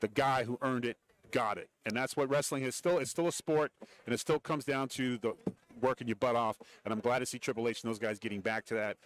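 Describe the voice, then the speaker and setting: A man's voice: mid-range voice, brisk. A middle-aged man, a guest on a radio show, telling stories in a casual interview and acting out the voices of people he quotes. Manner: animated storyteller, acts out quoted voices. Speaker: guest, former wrestler and TV commentator. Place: radio row broadcast booth.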